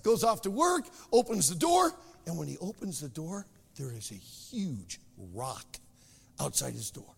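Man pastor, high, gravelly voice, lively delivery, long hall echo. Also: normal speed. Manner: animated storytelling preacher. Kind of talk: sermon.

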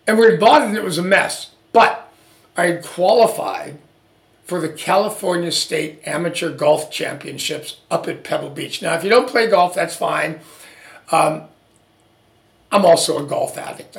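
Man, podcast host, animated storyteller, gravelly, high-pitched, roomy echo. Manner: animated, acts out quoted dialogue. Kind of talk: storytelling monologue.

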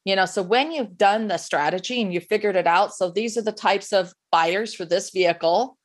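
A woman talking through sales advice in an interview, animated and chatty, often restarting her sentences as she explains. Her voice sits at a middle pitch. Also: normal speed. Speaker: sales coach guest. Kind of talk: conversational interview, giving advice.

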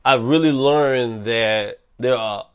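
A young man hosting a solo podcast, ranting in a profane, animated way. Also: medium pitch, slow, clean tone. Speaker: podcast host.

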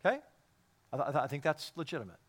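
High-voiced man preaching emphatically. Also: animated, moderate pace. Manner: emphatic preaching, swings from hushed to loud; repeats and restarts phrases for emphasis. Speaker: pastor. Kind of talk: sermon.

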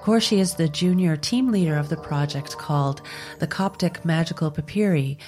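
A woman hosting an interview, with a stuffy nose and a scratchy voice from hay fever, speaking in a polite, measured way. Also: low voice, a little mellow, faint music behind. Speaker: podcast host.

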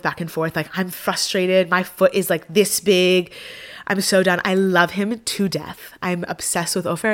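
A woman casually telling a personal travel story to camera, chatty and animated, with many fillers. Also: on the low side. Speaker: vlogger.

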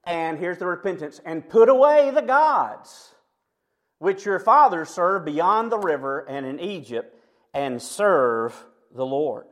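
A man in his fifties preaching a sermon, lively and chatty, with personal stories and quick asides to the congregation. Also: high voice. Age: 50s. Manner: animated, storytelling preacher with asides and quick jokes. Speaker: pastor.

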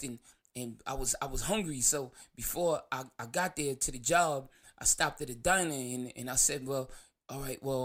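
A man's voice: mid-range voice, a bit bright. Rambling man telling a story. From New York. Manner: rambling, laughs through the story, loose profanity. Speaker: show host. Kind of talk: casual storytelling monologue.

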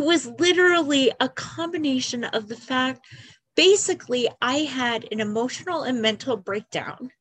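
A woman in her forties hosting a podcast, talking through tears in a halting, earnest personal monologue. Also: high-pitched, husky. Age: 40s. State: crying. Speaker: podcast host.

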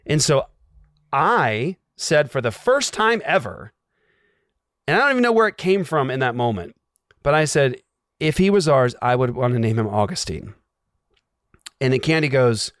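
A man's voice: mid-range voice, expressive, normal speed, no room sound, studio quality. Man telling an earnest personal story. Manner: earnest, emotional, filler-heavy with many "like"s. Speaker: guest sharing a personal story. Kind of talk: casual storytelling.

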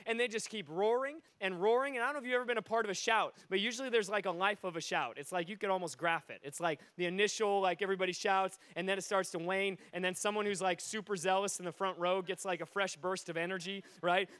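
A man with a high, light voice, preaching with fervent, animated storytelling. His delivery climbs toward near-shouting at the high points. The sound is close and dry. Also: clear, resonant tone, no room sound. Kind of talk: sermon storytelling.

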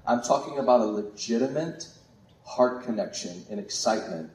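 A man preaching a sermon with exuberant, animated delivery. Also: lowish voice, normal speed. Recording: echoey room from far off.

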